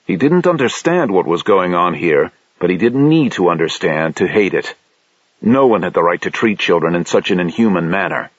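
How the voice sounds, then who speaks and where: A man reading a science fiction audiobook in steady, measured narration. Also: deep voice, no room sound. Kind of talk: scripted narration. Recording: dull lo-fi dry audiobook recording.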